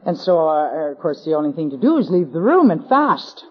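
A Canadian-accented woman with a low, slightly rough voice addresses a recovery convention audience at normal speed, her pitch swinging widely. Her testimony is wry and self-deprecating, preserved on a dull lo-fi tape from the 1980s.

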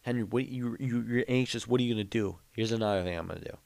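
A man's voice: medium pitch, fast talker, gravelly. A young man hosting his own podcast, talking alone in a rambling, joking, ranting way. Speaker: podcast host. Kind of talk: casual solo monologue.

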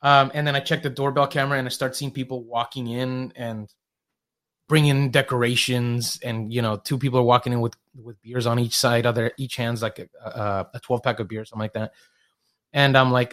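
A man, a short-term rental host, casually telling a long story on a podcast with lots of fillers and acted-out quotes. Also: medium pitch. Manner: fast, animated retelling with filler words and quoted dialogue.

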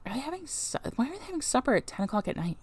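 A woman reading a classic novel aloud in an expressive first-person narration, with wry, offhand asides. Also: high voice, very fast, breathy edge. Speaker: audiobook reader.

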